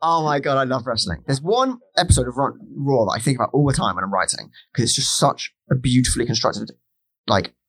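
A man's voice: mid-range voice, animated, fairly quick, a bit bright. Rambling man telling stories. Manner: rambling, enthusiastic storytelling. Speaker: guest comedian. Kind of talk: casual podcast chat.

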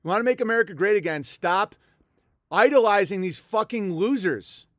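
A man's voice: high-pitched, expressive, moderate pace, no echo, studio quality. A man delivering a heated, profane political monologue, mocking his targets. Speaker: political commentator.

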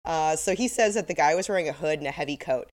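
A woman's voice: deep voice, animated, very fast. A woman with a slight lisp, co-hosting a casual podcast and wryly reading out quotes from her notes. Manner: wry, reads quotes from episode notes. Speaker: podcast co-host. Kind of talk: casual recap chat.

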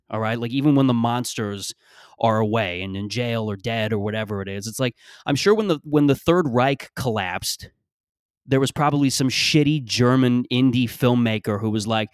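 A man's voice: mid-range voice, no echo. Rambling, sarcastic man, dry sound. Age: 30s. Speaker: podcast host. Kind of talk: casual solo podcast monologue.

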